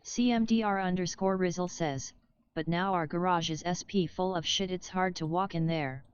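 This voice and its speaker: A woman's synthetic voice reading out viewers' chat messages in a flat manner. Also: on the low side, moderate pace, clean tone. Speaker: text-to-speech chat reader. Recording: dull lo-fi sound with faint hiss.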